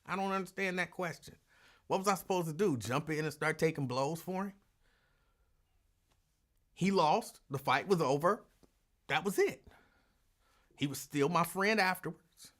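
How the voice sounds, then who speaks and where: A man with a voice on the high side hosts a live afternoon show at a measured pace, pausing often, his tone a bit bright. He drawls in a relaxed manner, welcomes listeners by name, and breaks into laughter mid-story.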